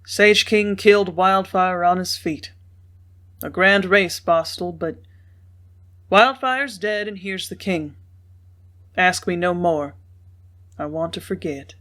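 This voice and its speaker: A woman's voice: lowish voice, takes it slowly, long pauses, fairly bright tone. A woman reading aloud, voicing a weary, tight-lipped young male rider who speaks sternly.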